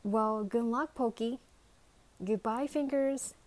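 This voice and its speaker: A kindly old sheriff with a folksy, homely drawl, put on by a woman reading a storybook. The voice is pitched above her narrating voice, and the delivery is slow.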